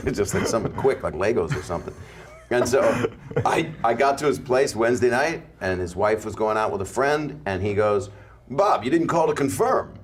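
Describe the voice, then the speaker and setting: A man's voice: fairly low pitch, expressive, normal speed, a little hiss or hum. A man, a comedian, telling a rambling anecdote in casual podcast chat.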